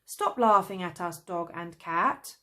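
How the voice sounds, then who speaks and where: A woman's voice: medium pitch, lively intonation, takes it slowly. A woman voicing a cross, tired young traveller boy who complains indignantly. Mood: annoyed.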